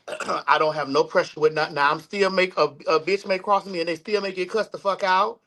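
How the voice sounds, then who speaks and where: A woman's voice: fairly low pitch, steady tone, fairly quick, a bit bright. A woman guest in a heated debate, making her points with emphasis and repeating them.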